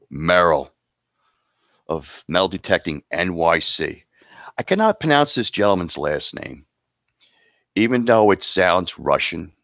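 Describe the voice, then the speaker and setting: A man's voice: sits low, fairly bright tone, no echo. A man hosting an awards show, rambling and joking casually between announcements. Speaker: host presenting awards.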